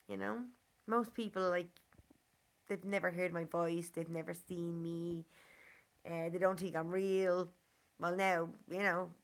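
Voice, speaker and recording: An Irish woman with a Dublin accent speaks in an unhurried, earnest monologue. Her voice sits a little low and has a gravelly fry to it. She leans on "you know" again and again as she talks. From Ireland. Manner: earnest, repeats 'you know' often. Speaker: community member speaking to a channel. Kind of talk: casual monologue.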